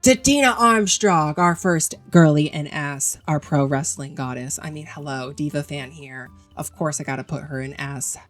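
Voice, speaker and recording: A woman with a low voice talks through her favorite game characters in a chatty, gushing way, full of fillers. Soft music plays faintly behind her. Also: moderate pace, hardly any pauses. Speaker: video creator ranking game characters. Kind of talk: casual enthusiastic commentary.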